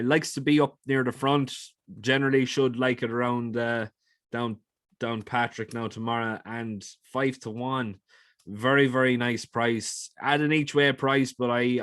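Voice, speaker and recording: A man's voice: mid-range voice, a bit bright, no echo, studio quality. A man giving horse racing tips in a casual, chatty way, often repeating words for emphasis and restarting phrases.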